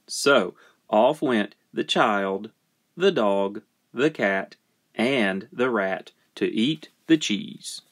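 A man reads a children's picture book aloud, playful and gentle, putting in little animal noises. He takes his time, and his pitch rises and falls in lively waves. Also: drawn-out words. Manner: gentle, playful storytelling with lots of sound effects. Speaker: narrator. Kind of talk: reading a children's storybook aloud.

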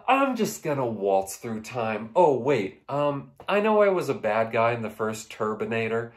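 A man's voice: on the high side, pitched above the performer's own voice. A man voicing a goofy, boastful male cyborg in a comedy recap. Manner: boastful, dopey. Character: muscular male cyborg bragging goofily.

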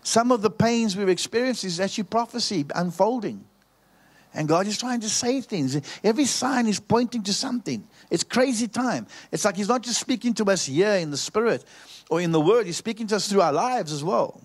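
Preacher with a raised voice. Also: male voice, high voice, lively intonation, fairly quick. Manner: storytelling preacher, repeats phrases for emphasis. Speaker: pastor. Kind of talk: preaching sermon.

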